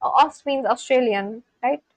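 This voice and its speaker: Chatting with her audience on a livestream, this woman from India reads out and responds to viewer comments, laughing frequently. She speaks at a moderate pace in a fairly high voice, with no room sound.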